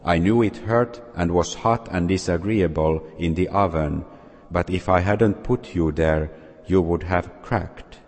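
A man voicing a patient, wise master potter who calmly explains himself. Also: sits low, unhurried. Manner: calm, explaining. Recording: long hall reverb.

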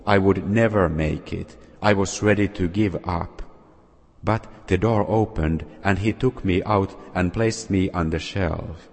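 A man voicing a suffering talking teacup that pleads and cries out, told in a slow storytelling way. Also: sits low, exaggerated voice. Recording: long hall reverb.

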